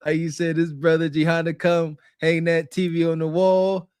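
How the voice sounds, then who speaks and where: High-voiced man mocking with laughs. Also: level tone, moderate pace, a little mellow, smooth, dry recording. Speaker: co-host reacting to a clip. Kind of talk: casual podcast reaction chat.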